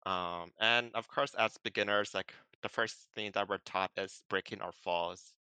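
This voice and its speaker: In relaxed podcast chat, a man explains things at a measured pace, filling his speech with ums and likes. His voice is slightly low, bright and crisp, and the recording sounds dry and close-up.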